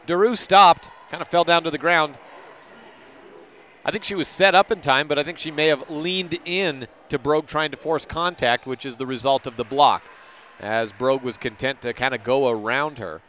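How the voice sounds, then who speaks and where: A man calling a high school girls' basketball game as play-by-play announcer on local radio, brisk, and correcting himself on names now and then. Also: bright, forceful tone, slight background noise.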